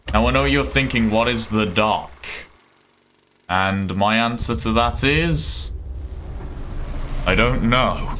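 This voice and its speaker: A man's voice: mid-range voice, pushed and bright, a little hiss or hum. A young man with a Birmingham accent, chatting casually with his live chat while he plays a game. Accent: Birmingham English. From Birmingham, England. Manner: chatty, rambling, self-deprecating, talks to chat. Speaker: streamer. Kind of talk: casual live-stream chat over gameplay.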